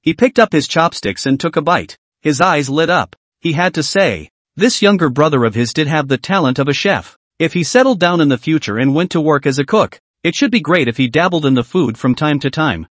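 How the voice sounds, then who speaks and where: A man narrating a fantasy novel as an audiobook in a steady, scripted storytelling read. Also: on the high side, a little fast, no echo.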